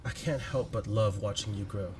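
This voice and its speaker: A man's voice: on the low side, moderate pace, noisy background, natural voice. A man voicing a devoted male lover reading out a tender, teasing farewell letter in a tabletop game.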